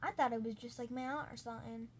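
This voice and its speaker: A woman's voice: on the high side, steady tone, quick pace, slight background noise. A woman hosting a storytime channel, recounting a story in a rambling, casual way with lots of "like". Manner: rambling, heavy use of "like".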